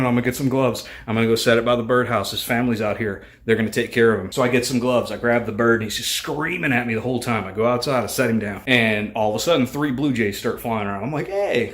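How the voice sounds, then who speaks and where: A man in his thirties, a family vlogger, telling a long story in a rambling, animated way with lots of fillers. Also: medium pitch. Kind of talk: casual storytelling vlog.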